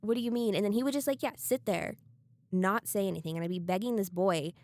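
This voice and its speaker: A young woman co-hosting a casual podcast, telling stories candidly, rushing at times and then slowing for emphasis. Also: medium pitch, lively intonation, a little mellow, dry recording. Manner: candid storytelling, rushes then slows for emphasis. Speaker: podcast co-host. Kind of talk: casual chat.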